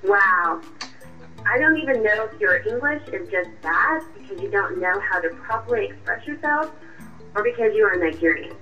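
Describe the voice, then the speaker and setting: A woman voicing a sharp, confrontational young girlfriend in a radio drama, with a cutting, accusing way of talking. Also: mid-range voice, expressive, moderate pace, natural voice. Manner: cutting, accusing, coolly triumphant. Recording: muffled distant voice with music.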